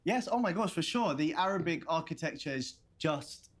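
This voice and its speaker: A London-accented actor plays an awkward, nervous young man fumbling his words on a video date in a game. He speaks at a moderate pace, with a somewhat high and expressive voice.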